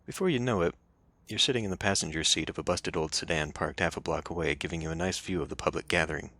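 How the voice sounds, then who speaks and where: A man's voice: deep voice, fast talker, bright, forceful tone. A man playing a story game, reading its narration aloud and breaking off into casual joking asides. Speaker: let's play streamer.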